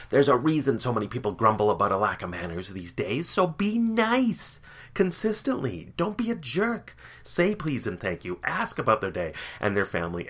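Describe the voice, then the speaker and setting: A man's voice: medium pitch, fairly bright tone. A man hosting a podcast, reading workplace tips in an upbeat, playful, jokey way. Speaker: podcast host.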